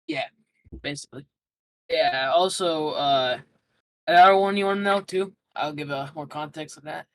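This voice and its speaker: A young man answers interview questions casually, rambling through a story with plenty of fillers and restarts. His voice is fairly high and a bit bright at a normal speed, and the recording quality is low.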